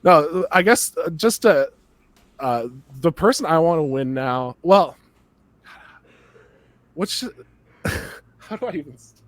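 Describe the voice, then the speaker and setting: A man's voice: fairly high pitch, slow, long pauses, no room sound. Guy on a podcast rambling and laughing, super dry close sound. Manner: rambling, excited, laughing often. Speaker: podcast co-host. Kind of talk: casual chat.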